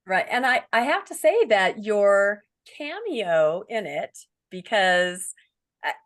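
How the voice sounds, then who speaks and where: A woman's voice: medium pitch, takes it slowly, no echo, studio quality. A woman co-hosting a podcast interview, praising the guest and asking questions in a casual way. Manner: warm, complimentary, lively questioning. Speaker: podcast co-host.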